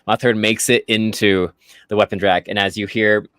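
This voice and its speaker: A man's voice: normal speed, smooth, dry recording. A man running a tabletop game as game master, narrating and jumping into squealing guard voices. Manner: lively, jumps into squealing high guard voices.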